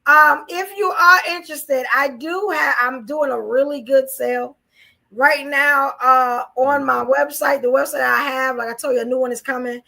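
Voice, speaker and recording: High, gravelly-voiced woman podcast host. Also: steady tone, moderate pace, sharp tone. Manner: chatty, repeats "you know what I'm saying". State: losing her voice. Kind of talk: casual live-stream chat.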